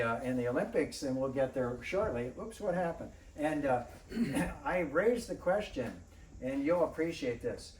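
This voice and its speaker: Roomy, distant man lecturing an audience. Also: on the high side. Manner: conversational, quizzes the audience; clears throat often. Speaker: wildlife biologist giving a public talk. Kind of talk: lively illustrated lecture to an audience. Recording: roomy, distant mic, faint background noise.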